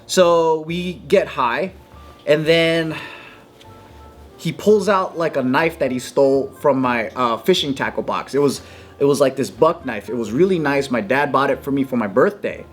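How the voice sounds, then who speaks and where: A man telling a story in casual chat, animated, swearing freely and acting out quotes in a raised voice. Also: measured pace, soft background music. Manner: animated, swears a lot, acts out quotes in a higher voice. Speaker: podcast guest.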